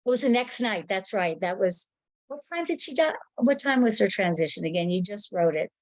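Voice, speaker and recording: A woman's voice: medium pitch, expressive, fairly quick, no echo, low-quality recording. A woman sharing a personal memory in casual talk, rambling and searching for words, on a video call.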